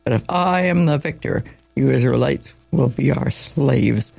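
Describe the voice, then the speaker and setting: A man's voice: medium pitch, measured pace, gravelly, a little mellow, soft background music. A man reading a story aloud, voicing a huge boastful giant warrior who roars his challenge. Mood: defiant. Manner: roaring threats.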